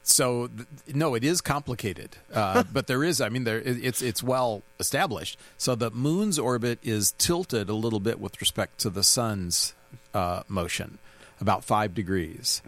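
A man's voice: medium pitch, measured pace, a bit bright. An older man, an astronomy expert guest on a radio show, explaining things with restarts and small laughs. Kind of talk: casual radio interview.

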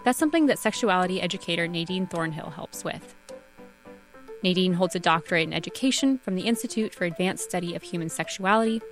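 A woman hosting a public radio talk show, reading a calm, measured introduction. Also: on the low side, soft background music.

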